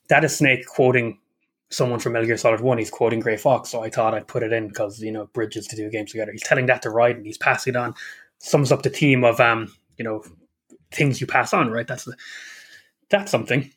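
Brief: Irish male podcast host, husky voice, jokey and profane, casual. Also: medium pitch, steady tone, brisk, a bit bright. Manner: joking, profane, laughs often. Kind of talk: casual chat.

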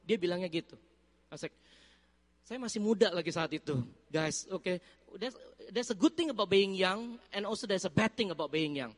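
A man with an Indonesian accent delivers a sermon testimony with a high voice, telling the story in an animated way and mixing Indonesian with English. His voice carries a long reverb, as if he is speaking in a large church hall. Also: fairly quick. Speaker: preacher.

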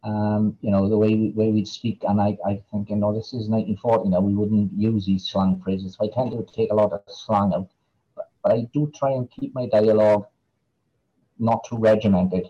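A man's voice: lowish voice, little pitch movement, normal speed, slightly rough, highs cut off. A man with a Welsh Valleys accent, an author answering interview questions in a hesitant way, with lots of fillers and repeated words. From Wales. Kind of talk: casual interview chat.

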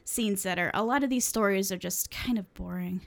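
A woman's voice: mid-range voice, normal speed, gravelly. A young woman co-hosting a casual chat, reading fan fiction aloud with frequent laughs and fillers. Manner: giggly, chatty, lots of fillers.

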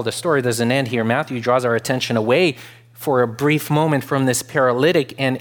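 A man delivers a sermon to his congregation in a steady, mid-pitched voice. He speaks earnestly, often restarting a phrase, and climbs into loud, emphatic declarations when he drives a point home. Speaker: pastor.

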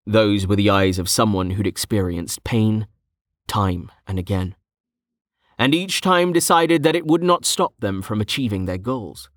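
Guy reading a fantasy audiobook, steady, lowish voice, dry sound. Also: a little slow, dry recording. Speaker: audiobook narrator. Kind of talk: scripted narration.

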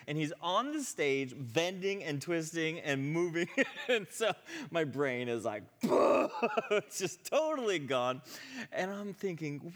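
A male preacher tells his testimony in an animated way, acting out what people said and laughing along. His mid-pitched voice rings out with a long reverb tail from a large hall. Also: measured pace. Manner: animated, acts out quotes, laughs often. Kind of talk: testimony sermon storytelling.

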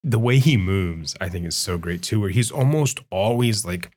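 Man, lowish voice, eager, casual film podcast chat. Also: expressive, moderate pace, a little mellow. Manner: enthusiastic, retells scenes with acted quotes, keeps saying right. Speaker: podcast co-host.

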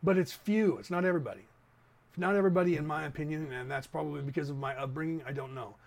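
A man's voice: fairly high pitch, quick pace, gravelly. A man in his fifties from the San Francisco Bay Area, hosting a casual opinion monologue that rambles and speaks straight to listeners. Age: 50s. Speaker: podcast host.

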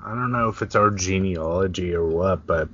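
A man's voice: deep voice, normal speed, fairly bright tone, husky, dry recording. A man co-hosting a podcast in laid-back, profane casual chat, laughing often. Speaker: podcast co-host. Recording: dull lo-fi sound.

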